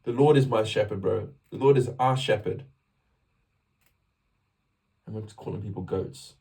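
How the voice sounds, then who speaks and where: A fairly low, breathy voice with vocal fry, at normal speed and recorded from afar, belongs to a young man from England. In his casual faith vlog he talks animatedly to camera, drifting and restarting his sentences often.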